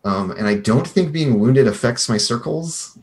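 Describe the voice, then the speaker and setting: A man's voice: medium pitch, expressive. A man playing a tabletop game, chatting casually about the rules. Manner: casual, quick rules talk. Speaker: player.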